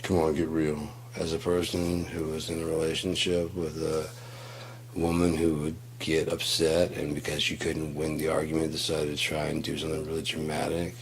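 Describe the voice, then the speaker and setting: A man's voice: extremely low pitch, completely flat delivery, moderate pace, slight background noise. A man in a casual monologue, telling stories in a rambling, profane way and acting out quotes. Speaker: host.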